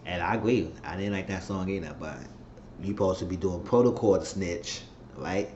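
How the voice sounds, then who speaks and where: A man's voice: low voice, normal speed, a little mellow, slight background noise. A man giving a casual TV episode recap, retelling scenes and acting out the characters' lines. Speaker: TV show recap vlogger. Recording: echoey room, dull lo-fi sound.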